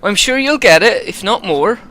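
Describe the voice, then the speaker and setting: A man voicing a brusque male steward in an exaggerated West Country accent, with a gruff, mock-rustic delivery. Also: sits high, expressive, normal speed, pushed and bright, voice pushed up. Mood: stern.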